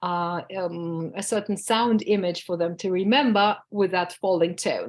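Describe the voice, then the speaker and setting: A woman's voice: on the low side, steady tone, unhurried, hardly any pauses. A woman with a Russian accent, a native Russian speaker, teaching a workshop on public speaking, speaking hesitantly with frequent fillers and restarts. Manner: demonstrates tongue twisters with exaggerated falling tones. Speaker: workshop instructor. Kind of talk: lecture to a workshop audience.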